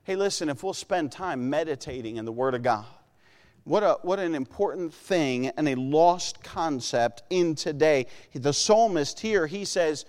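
A man's voice: a little high, lively intonation, a little slow, darkish tone. A man preaching a sermon in an earnest way, often acting out the voices he quotes. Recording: long hall reverb.

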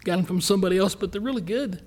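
Pastor, man, high voice, folksy earnest sermon, slows for emphasis. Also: a little mellow. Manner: folksy, earnest preaching with quick asides and slow emphatic stresses.

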